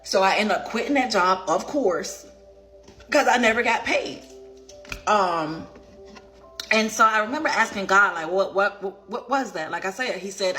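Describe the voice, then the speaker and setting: Woman life coach with a bright, forceful voice, telling a personal story animatedly, close to tears. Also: mid-range voice, lively intonation, moderate pace, faint music behind. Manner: emotional, near tears. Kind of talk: personal faith testimony.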